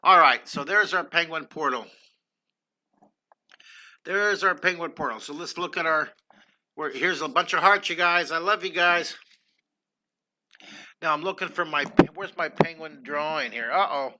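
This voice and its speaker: A man's voice: a little high, unhurried, long pauses, pushed and bright, a little hiss or hum. An older man hosting a casual livestream drawing lesson, chatty and enthusiastic, greeting viewers by name while he draws. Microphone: computer streaming setup.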